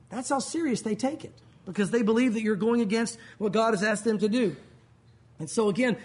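A man's voice: high-pitched, slightly rough. A man preaching a sermon as pastor, conversational and emphatic, mixing jokes with teaching.

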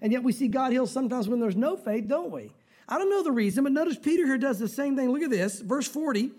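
A man preaching a conversational sermon, acting out prayers and voices with sudden shouts. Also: extremely high pitch, animated, fast talker. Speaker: pastor.

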